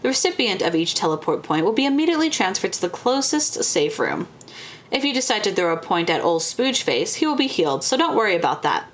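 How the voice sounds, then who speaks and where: A woman's voice: medium pitch, big pitch swings, a little fast, natural voice. A woman voicing a taunting male orc game-show host with smug, teasing patter.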